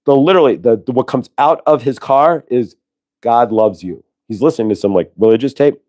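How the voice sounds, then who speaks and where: A man's voice: medium pitch, expressive, fast, darkish tone. A middle-aged man hosting a show, telling a story casually with many fillers and asides. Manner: rambling, lots of fillers and asides. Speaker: host.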